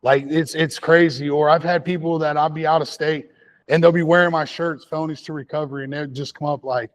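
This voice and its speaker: A man's voice: a little high, fairly even intonation, a little fast. A man speaking on a panel, giving earnest personal testimony about recovery and repeating key phrases for emphasis. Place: community meeting room.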